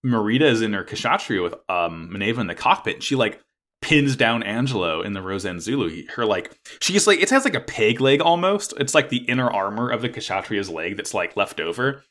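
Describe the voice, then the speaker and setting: A man's voice: fairly low pitch, sing-song, brisk, a bit bright. A man recapping a plot in casual chat, rambling with lots of fillers and swearing. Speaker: podcast co-host recapping an anime.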